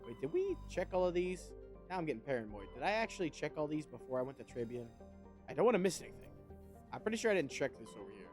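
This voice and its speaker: Male streamer, fairly high voice with lots of pitch movement, wry casual commentary over faint game music. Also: big pitch swings, fast talker, darkish tone. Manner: chatty, wry, swears casually.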